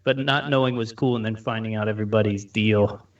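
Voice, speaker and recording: A man's voice: on the low side, steady tone, a little fast, distant mic. An easygoing man chats as a podcast guest, rambling a little and laughing often. His voice sounds set back from the mic and dull, like remote audio. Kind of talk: casual chat.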